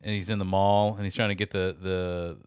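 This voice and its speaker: A middle-aged man co-hosting a podcast in casual chat, joking around and breaking into loud bird-call impressions. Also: deep voice, little pitch movement, fairly quick, clear, resonant tone, no echo, studio quality. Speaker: podcast co-host.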